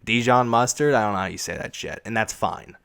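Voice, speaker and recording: Man, young adult, low voice, podcast host, sarcastic, swearing, animated rant. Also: a little fast, creaky, clear, resonant tone. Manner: profane, sarcastic, animated ranting. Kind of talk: casual ranting monologue.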